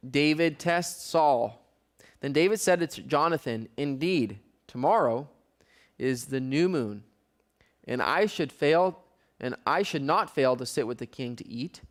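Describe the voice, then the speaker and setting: Speaking a little slowly in a voice on the high side, a man teaches a Bible study. He reads passages aloud, then unpacks them conversationally with dry, wry remarks.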